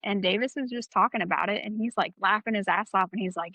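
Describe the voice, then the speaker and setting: Young woman podcast co-host, blunt profane storyteller, bright tone with heavy vocal fry. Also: medium pitch, quick pace, no room sound. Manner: candid, profane, animated storyteller. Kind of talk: casual storytelling chat. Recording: slightly dull, dry sound.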